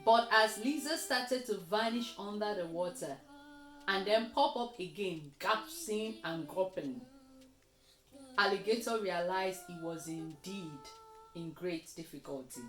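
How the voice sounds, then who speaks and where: A woman reading a children's story aloud, slowly and expressively, as host of a kids' reading session. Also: mid-range voice, reverberant. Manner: slow, expressive read-aloud with lively voices.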